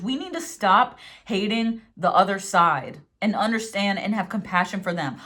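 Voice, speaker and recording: A young adult woman giving a casual tarot reading, swinging between animated, swearing rants and soft, slow readings of affirmations from her card book. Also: medium pitch. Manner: animated, swears freely, gets worked up then reads affirmations softly. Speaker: tarot reader.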